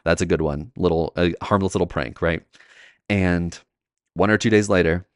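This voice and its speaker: A man's voice: low voice, steady tone, normal speed, clear, resonant tone, no echo, clean studio sound. A young man, a teacher hosting his podcast, telling a classroom story in a chatty way with lots of fillers and acted-out quotes. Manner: chatty, many "like" fillers, acts out quoted voices. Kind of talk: casual storytelling monologue.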